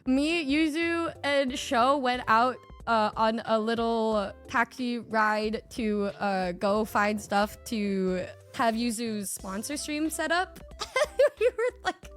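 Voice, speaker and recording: A young woman streamer telling a story in a casual, excitable way, laughing often and swearing a lot. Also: a little high, slow, soft background music.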